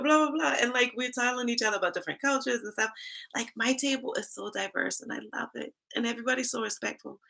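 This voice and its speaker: A woman's voice: mid-range voice, vocal fry. A middle-aged woman from Charleston with a Southern accent, chatting casually and sassily with viewers on a livestream. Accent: Southern US Black vernacular, Charleston Geechee. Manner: animated, sassy, talks back to chat comments. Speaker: livestream host, HR coach.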